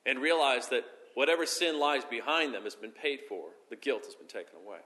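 A pastor delivers a sermon in a bright, forceful male voice. He presses key phrases with emphasis, then lets sentences fall away quietly and slowly. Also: medium pitch, expressive. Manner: preaching with rising emphasis and soft, slow drops at phrase ends.

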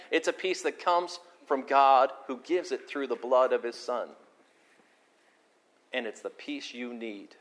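A pastor preaching a sermon, earnest and storytelling, moving between forceful emphasis and quiet, intimate moments. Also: male voice, on the high side. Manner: animated storyteller, repeats words for emphasis.

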